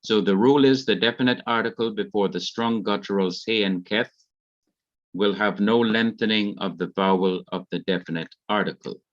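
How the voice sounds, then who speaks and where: A man's voice: on the low side, normal speed, lo-fi sound. A man with a Jamaican accent, carefully explaining grammar rules in an online revision lesson. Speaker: Hebrew teacher.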